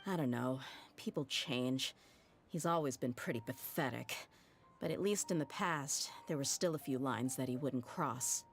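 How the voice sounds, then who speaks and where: Give me a blunt desert sellsword leader from a game, low and steady. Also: female voice, moderate pace. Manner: blunt, matter-of-fact. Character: tough young woman desert mercenary leader, blunt. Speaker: game character in a played cutscene. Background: faint game music.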